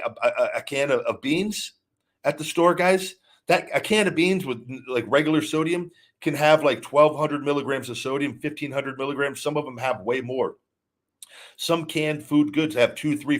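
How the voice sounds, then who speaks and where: A man's voice: mid-range voice, fairly bright tone. A man hosting a livestream, talking casually and rambling, with lots of repeated words and restarts as he answers viewer chat questions. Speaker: podcast host.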